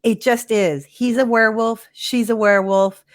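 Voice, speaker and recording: A woman co-hosting a podcast in casual chat, animated and swearing freely, laughing often. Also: on the high side, moderate pace, no echo, clean studio sound. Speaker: podcast co-host.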